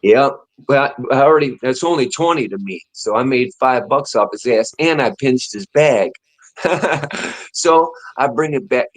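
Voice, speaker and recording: A man co-hosting a loose, casual talk stream. He tells long, rambling stories, swears freely and keeps breaking into laughter. His voice sits at an ordinary middle pitch. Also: low-quality recording. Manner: laughing, profane, rambling anecdotes. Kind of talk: casual chat, storytelling.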